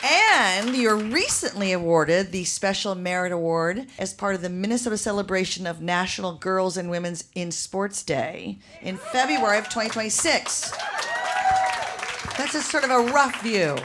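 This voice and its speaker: Woman host for live stage talk, chatty and lively, crowd and noise behind. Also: mid-range voice. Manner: chatty, animated, quick asides. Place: live venue with audience.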